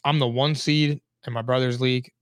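A man's voice: mid-range voice, steady tone, fairly quick, clear, resonant tone, no echo. A man co-hosting a casual sports podcast, chatty and rambling as he talks through football games and bets. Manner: chatty, rambling, easily laughing. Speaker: podcast co-host.

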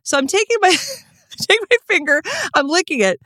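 A woman co-hosting a podcast, telling a story in casual chat, animated and swearing freely. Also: normal speed, no echo, studio quality. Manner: animated, swearing, big pitch jumps when excited. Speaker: podcast co-host.

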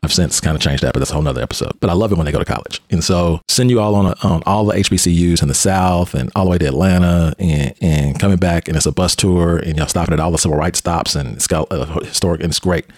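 A man hosting a conversation, a police officer and mentor telling a story in an animated way and often restarting his phrases. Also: low-pitched, quick pace, few pauses, no echo, studio quality.

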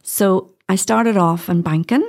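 A middle-aged doula from Northern Ireland, speaking with a Northern Irish accent, tells her story as a guest in a chatty, casual podcast interview, laughing often. Her voice is medium-pitched, a little slow and a little mellow.

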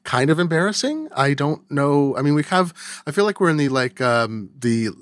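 A male podcast host with a lively, swooping voice, bantering in casual chat with playful, mock-folksy jokes. His delivery is quick and chatty, full of fillers and self-corrections. The sound is dry and close, with no room around it. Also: fairly high pitch, no echo.

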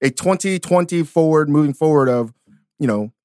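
A man co-hosts a podcast from a studio, riffing in a sardonic, foul-mouthed way. He talks at an average pitch. The sound is close and dry. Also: expressive, normal speed, darkish tone, no echo. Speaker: podcast co-host. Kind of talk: casual comedic chat.

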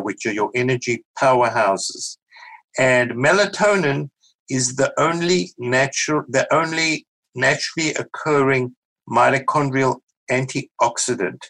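South African doctor explaining calmly. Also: male voice, medium pitch, low-quality recording. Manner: measured, explanatory, with small restarts. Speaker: guest physician. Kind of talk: podcast interview, explaining.

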